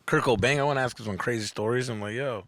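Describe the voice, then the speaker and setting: A man's voice: medium pitch, quick pace, fairly bright tone, dry recording, studio quality. A man in his thirties chatting casually as a podcast guest, laughing often, swearing freely and acting out people's voices in his stories. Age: 30s. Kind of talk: casual storytelling chat.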